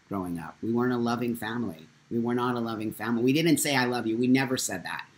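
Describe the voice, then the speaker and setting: A man hosting a live morning talk show, telling a personal story in a candid, blunt and animated way. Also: mid-range voice, fast, few pauses. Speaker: host.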